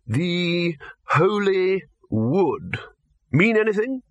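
A man's voice: high voice, sing-song, very slow, fairly bright tone, no room sound, dull audio, pitched above the performer's own voice, exaggerated voice. A man voicing a bluff, hearty old male archchancellor wizard who talks in blunt, clipped bursts. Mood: puzzled.

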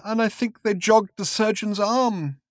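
A raving half-mad old journalist. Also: male voice, lively intonation, normal speed, no room sound, clean studio sound. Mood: weeping. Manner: whimpering, weeping, breaks into shrill shouts.

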